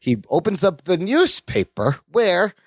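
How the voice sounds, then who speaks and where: A woman co-hosting a podcast in casual chat, recapping a sitcom with animated retelling and quoted lines. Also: lowish voice, measured pace, no room sound, clean studio sound. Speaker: podcast co-host.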